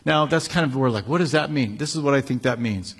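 A man's voice: medium pitch, fast, husky. A male pastor preaching a sermon, reading scripture with building emphasis and then explaining it casually.

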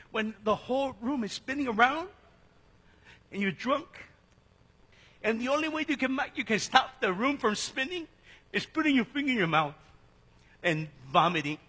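Male pastor, sermon, husky edge, wildly swinging pitch, bantering with the congregation. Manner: lively, jokey preaching that asks the congregation questions. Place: church, before a congregation.

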